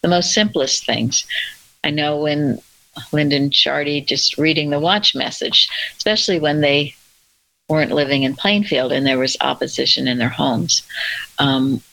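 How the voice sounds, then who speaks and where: A person leading a church roundtable discussion in a gentle, conversational way, drawing others in with questions. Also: mid-range voice, a little slow, gravelly, no echo, poor audio. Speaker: discussion leader.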